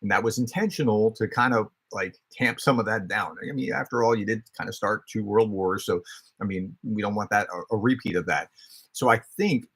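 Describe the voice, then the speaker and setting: A man from the United States hosts a casual Q&A stream, answering viewer questions by thinking aloud in a conversational way with frequent restarts. His voice is on the low side, husky and fairly bright, and he speaks fairly quickly.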